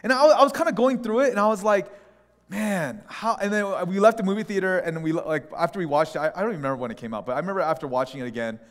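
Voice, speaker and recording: A male pastor with a somewhat high voice, preaching in a relaxed, conversational way and telling stories with strong opinions. His words trail off into the long reverb of a church sanctuary. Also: rapid-fire, hardly any pauses. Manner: opinionated, animated storytelling. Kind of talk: conversational sermon.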